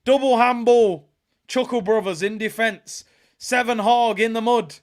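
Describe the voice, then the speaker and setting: A man hosting a live football watchalong, bantering and trolling rival fans, bursting into shouts at big moments. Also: extremely high pitch, fairly even intonation, measured pace.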